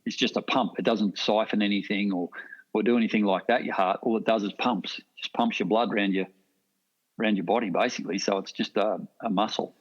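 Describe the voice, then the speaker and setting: A man's voice: fairly low pitch, fairly even intonation, a little fast, highs cut off. A middle-aged Australian man chatting as a podcast guest, rambling through anecdotes and laughing often. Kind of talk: casual storytelling chat.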